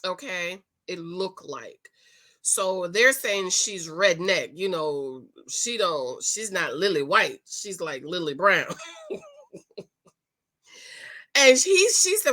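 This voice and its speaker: A woman with a lowish voice hosts a casual recap of a reality show. She's gossipy and animated, and she slips into quick impressions of the cast.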